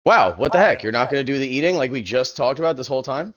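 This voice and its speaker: A man's voice: medium pitch, expressive, fast. A man playing a tabletop game, teasing the others and joking around. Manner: joking, teasing, bursts of laughter. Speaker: player. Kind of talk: casual game chat.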